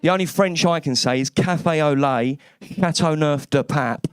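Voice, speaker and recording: Brash high-voiced London comedian. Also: male voice, moderate pace, clean tone, no echo. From East London. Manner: brash, swearing, cheeky. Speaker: stand-up comedian. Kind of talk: stand-up comedy set. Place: comedy club stage.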